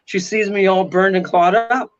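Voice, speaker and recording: Through dull lo-fi audio, a man with a high voice speaks at normal speed in a steady tone. He's a paranormal investigator and guest, animatedly telling a story and performing the voices and sounds within it.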